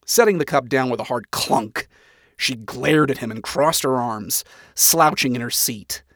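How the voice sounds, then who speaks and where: A man narrates a story aloud in an even, dryly expressive reading. His voice sits in a middle pitch. The recording is close and dry, with no room sound. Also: a little slow, dry recording.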